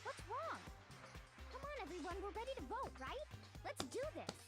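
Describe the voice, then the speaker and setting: A woman's voice: extremely high pitch, big pitch swings, normal speed, loud music behind the voice. An actress voicing a manic, gleeful female serial killer in a video game, talking in a shameless sing-song way. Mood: eager.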